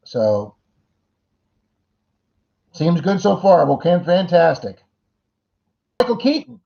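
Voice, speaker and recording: A man's voice: high-pitched, sing-song, slow pace, vocal fry. A middle-aged man hosting a casual livestream chat, greeting viewers by name and rambling through jokey asides. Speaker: livestream host. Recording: dull lo-fi stream audio.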